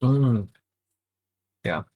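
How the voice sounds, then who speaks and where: A man's voice: mid-range voice, animated, drawn-out words, muffled recording. A young man co-hosting a podcast in casual chat, rambling with lots of fillers and swearing. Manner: rambling, full of fillers and profanity. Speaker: podcast co-host.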